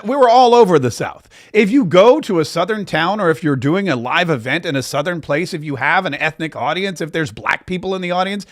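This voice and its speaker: A male talk radio host with a voice a little higher than most men's. He delivers opinionated political commentary in a sarcastic, mocking tone. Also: a bit bright. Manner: sarcastic, mocking asides with laughs.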